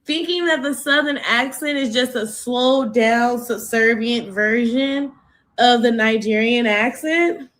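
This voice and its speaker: A woman delivers emphatic commentary with a bright, tense edge to her voice. She sits a little higher than most women and sounds openly incredulous as she presses her point. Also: slow. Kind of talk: social media commentary.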